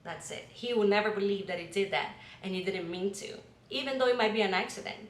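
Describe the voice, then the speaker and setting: A woman's voice: medium pitch, fast, slight background noise. A woman vlogger talking casually to camera, chatty and acting out her own worried inner thoughts. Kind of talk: casual reaction commentary. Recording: echoey room.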